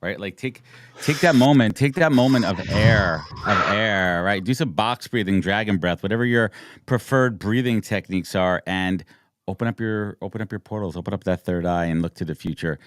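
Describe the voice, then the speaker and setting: A man's voice: lowish voice, moderate pace, no room sound. A man hosting a morning talk show, upbeat and playful, reading plugs in an announcer-like way. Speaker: host. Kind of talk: casual chat, show sign-off.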